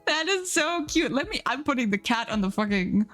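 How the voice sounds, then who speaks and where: A young woman streaming live, gushing excitedly over viewers' art and pets, swearing casually. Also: high-pitched.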